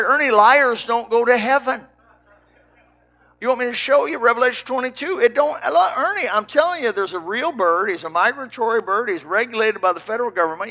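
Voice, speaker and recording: An older man, a preacher from Indiana, telling a folksy story with lively quoted dialogue. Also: very high voice, brisk, creaky. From Indiana, United States. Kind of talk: storytelling sermon.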